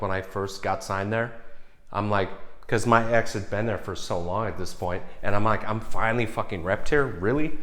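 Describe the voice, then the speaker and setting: A man's voice: on the low side, fairly bright tone. A man in his forties telling a story in a casual vlog monologue, rambling and cursing with many restarts. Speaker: vlogger.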